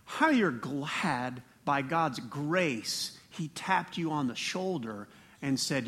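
A man preaching a sermon as pastor, animated, with laughing asides and rising emphasis. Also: high voice, unhurried.

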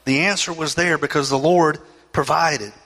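Bright-voiced male preacher in a reverberant hall. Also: a little high, steady tone, moderate pace. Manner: acts out complaining voices, rising emotional pleas. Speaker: pastor. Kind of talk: sermon.

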